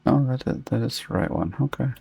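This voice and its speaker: A man's voice: medium pitch, expressive, a little fast, gravelly, warm tone, slightly rough, dry recording. A man streaming a game, thinking aloud in casual, rambling commentary and saying he is losing his voice. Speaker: gaming streamer.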